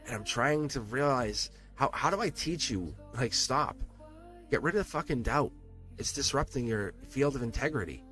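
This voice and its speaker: A man's voice: medium pitch, expressive, moderate pace, fairly bright tone, faint music behind. A man reading tarot on a live stream. He talks to his viewers in an earnest, encouraging way, repeats words and restarts his sentences, and swears now and then.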